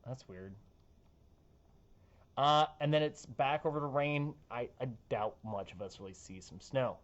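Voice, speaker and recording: This young male TV meteorologist talks through a casual weather forecast at a measured pace, tossing in playful, jokey asides. His voice sits in the mid range, and the sound is lo-fi.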